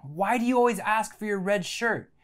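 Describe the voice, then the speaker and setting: A man's voice: sits high, moderate pace, voice pushed up, natural voice. A man voicing an alarmed male sailor in a joke he tells, calling out warnings to the captain. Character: alarmed male ship's crew, excited.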